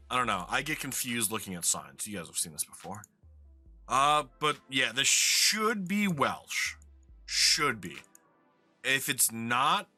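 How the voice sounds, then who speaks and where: A man's voice: medium pitch, bright, forceful tone, slightly rough. A man from New York with a New York accent, chatting casually and swearing now and then while commenting on a geography game he plays. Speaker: streamer playing a geography game.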